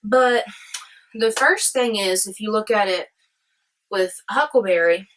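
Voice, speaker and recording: Woman vlogger, casual history chat, mid-pitched voice, chatty, wanders into eager tangents. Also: measured pace, fairly bright tone, low-quality recording.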